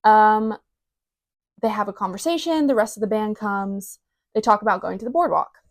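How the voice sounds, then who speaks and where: A woman's voice: medium pitch, normal speed, dry recording. Wry young woman podcaster. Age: young adult. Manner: wry, teasing self-mockery; filler-heavy, loose delivery. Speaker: podcast host. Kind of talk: casual reading with commentary.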